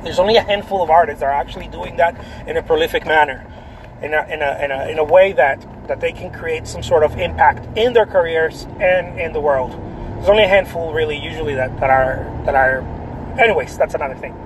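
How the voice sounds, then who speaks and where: A man's voice: a little high, a little fast, slight background noise, rough recording. A man, an artist, chatting casually about art, rambling, repeating himself and tagging lines with "right?". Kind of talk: casual vlog talk.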